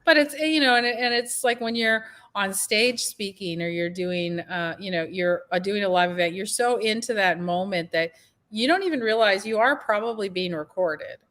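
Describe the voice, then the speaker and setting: A woman co-hosting a casual podcast chat. She talks in a friendly, encouraging way and laughs easily, with a voice of middle pitch for a woman. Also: animated, moderate pace, a bit bright. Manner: chatty, encouraging, laughs often. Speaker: podcast co-host.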